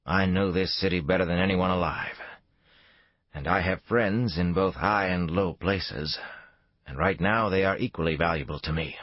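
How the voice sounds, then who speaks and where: A man voicing a calm, persuasive male lobbyist in an audiobook thriller, speaking in a measured, husky voice. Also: low voice, no room sound, highs cut off.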